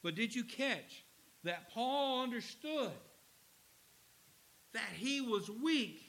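A man preaching a sermon, earnest, slowing down to stress key lines. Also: very high-pitched, expressive, fairly bright tone, poor audio. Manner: earnest preaching, slows for emphasis. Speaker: pastor.

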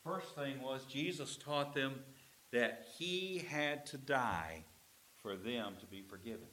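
A man's voice: mid-range voice, lively intonation, slow, sharp tone. A man preaching a sermon in an earnest, emphatic manner, stretching out key phrases.

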